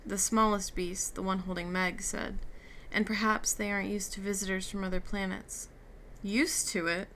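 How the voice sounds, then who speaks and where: A woman's voice: mid-range voice, flat delivery, normal speed, hardly any pauses, a bit bright, a little hiss or hum. A woman reading a novel aloud, giving the characters' lines light shifts. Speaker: reader. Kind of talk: audiobook reading with character dialogue.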